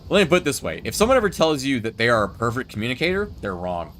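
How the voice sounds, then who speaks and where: A man giving relaxed, chatty commentary while playing a building game, joking with his chat as he goes. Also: mid-range voice, quick pace, slight background noise. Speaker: gameplay streamer.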